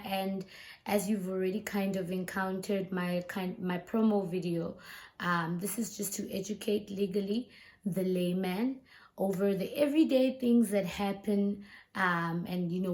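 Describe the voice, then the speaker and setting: A South African woman who is a lawyer, telling a story in a chatty, conversational vlog and often tagging her lines with "right?" and "you know". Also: medium pitch. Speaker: lawyer and YouTuber.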